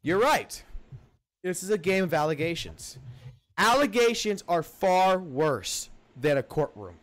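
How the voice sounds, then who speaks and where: A man's voice: high-pitched, very animated, a little slow. A man hosting a livestream, ranting heatedly and cursing often, repeating points for emphasis as he talks to viewers on a home mic. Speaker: livestream host. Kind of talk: livestream commentary rant.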